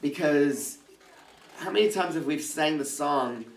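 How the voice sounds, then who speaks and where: A man's voice: a little high, unhurried. A man preaching a casual, joking youth sermon as a youth pastor, acting out prayers in funny voices. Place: church youth service room. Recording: echoey church hall, mic at a distance.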